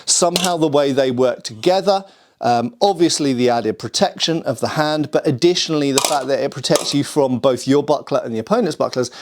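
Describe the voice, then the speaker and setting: A man's voice: medium pitch, fairly quick, background noise. A man from the United Kingdom, host of a sword history channel, talking casually to camera, thinking aloud and asking viewers what they think. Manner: chatty, thinking aloud, asks viewers questions. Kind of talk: casual explanatory talk to camera.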